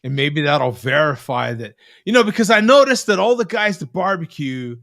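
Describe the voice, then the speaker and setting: A man's voice: on the high side, big pitch swings, moderate pace, gravelly, fairly bright tone, no echo, studio quality. A man hosting a casual live-streamed chat over video call, rambling and joking, often repeating his words. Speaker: host.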